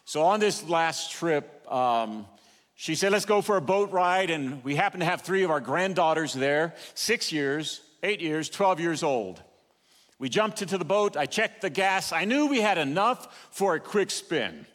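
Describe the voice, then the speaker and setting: An older man preaching a sermon in a church auditorium, telling stories with swings in loudness and pace. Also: a little high, expressive, a little slow, in a large hall. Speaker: pastor.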